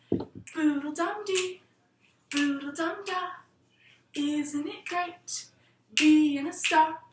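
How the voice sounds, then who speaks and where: A woman telling a bedtime story in a lilting, expressive manner. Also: fairly high pitch, recorded from a distance, background noise. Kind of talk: storybook narration. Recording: roomy room, voice set back from the mic.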